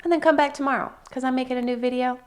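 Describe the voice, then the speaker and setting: A woman's voice: high voice, steady tone, rapid-fire. A woman hosting a reaction video, chatting casually and thinking aloud, sometimes restarting her sentences. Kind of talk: casual commentary.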